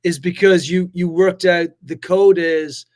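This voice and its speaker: A man hosting a live business talk, hyped and fast-flowing, swearing casually and swinging between loud and quiet. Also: high voice, steady tone. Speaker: host. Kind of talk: energetic live-stream chat.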